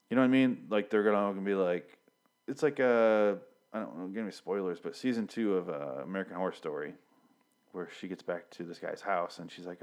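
Profane, rambling man with a lowish voice. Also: lively intonation, brisk. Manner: rambling, profane, frequent restarts and fillers. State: worked up, flustered. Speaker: TV episode recapper. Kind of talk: casual rant.

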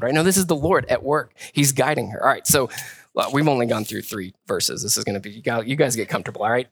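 A male pastor giving a sermon in a relaxed, conversational way. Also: mid-range voice, fast, dry recording. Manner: conversational, casual.

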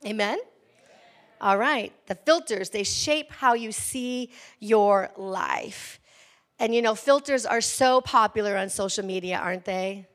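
A woman pastor in her forties preaching an energetic, conversational sermon with frequent call-outs to the congregation. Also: fairly high pitch, a little slow.

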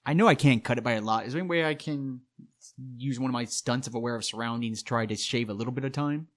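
A man's voice: medium pitch, fast talker. A man playing a tabletop role-playing game, speaking casually and carefully asking about the rules. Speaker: player.

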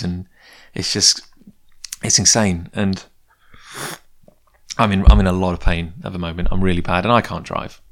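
A man's voice: low-pitched, little pitch movement, measured pace, fairly bright tone. A man who makes comic books, telling a rambling personal story in a casual, self-deprecating way and going off on tangents. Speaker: comic book creator.

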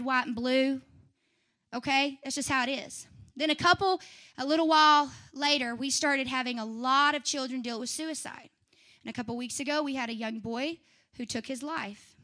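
Bright, high-voiced woman giving testimony. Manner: lively, chatty, laughs often, talks back to the audience. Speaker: church member giving a testimony. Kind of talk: personal testimony to a congregation.

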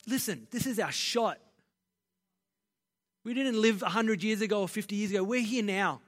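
A man preaching a sermon as pastor, passionate and building to loud, emphatic delivery. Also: high-pitched, normal speed, long pauses. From Australia. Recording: long reverb of a large hall.

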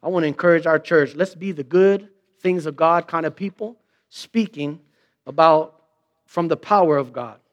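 A man's voice: a little high, moderate pace. A man preaching a sermon in a conversational way, asking rhetorical questions and acting out quoted remarks in mock voices. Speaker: pastor.

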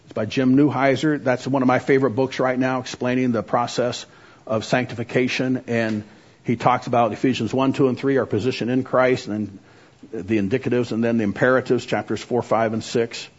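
A man's voice: mid-range voice, steady tone, fairly quick, husky. A man teaching a lecture on biblical counseling, earnest and exhorting, with frequent filler words. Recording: muffled lo-fi recording.

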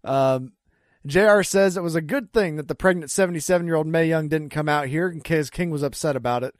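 A man with a somewhat high voice talks casually through a wrestling recap, leaning on "like" and laughing often. The sound is dry and close, with no room to it. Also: a little fast, dry recording. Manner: chatty, lots of "like", frequent laughs. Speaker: podcast co-host.

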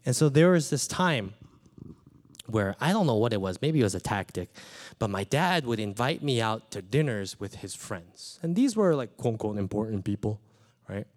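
Man, pastor, sermon, storytelling, lively swooping pitch, animated, playful. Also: moderate pace. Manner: animated storytelling, acts out his small daughter's lines. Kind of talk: sermon with personal stories.

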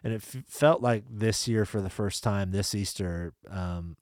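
A man's voice: lowish voice, measured pace, darkish tone, dry recording, clean studio sound. A middle-aged man and parent talking about faith in a casual conversation, reflective and earnest, often adding "you know". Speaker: parent and co-host discussing faith.

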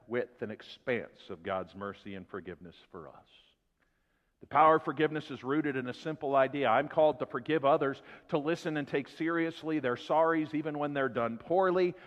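A man preaching a sermon to his church, swinging between loud emphasis and hushed asides. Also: mid-range voice. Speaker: pastor. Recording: long hall reverb, dull lo-fi sound.

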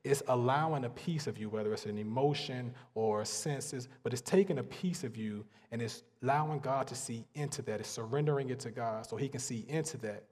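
A man preaching a sermon, earnest and emphatic, pausing and repeating phrases to drive points home. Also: medium pitch, darkish tone. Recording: long hall reverb.

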